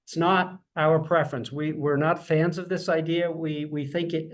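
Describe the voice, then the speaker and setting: A man presenting an architecture project at a public design review, talking fast and earnestly with many restarts. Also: fairly high pitch, a little mellow. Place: remote public meeting.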